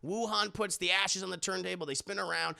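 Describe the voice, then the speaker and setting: A man's voice: high-pitched, steady tone, a little fast, creaky, sharp tone. A man reviewing a movie on a livestream, rambling and swearing as he talks to his chat. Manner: rambling, profane, keeps addressing chat.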